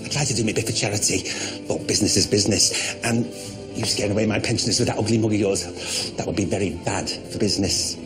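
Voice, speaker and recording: An actor playing a brash, cheeky salon owner, excitable and quick to turn loud. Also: male voice, lowish voice, over music, lightly acted. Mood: scornful. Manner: excitable, swings into gleeful shouting.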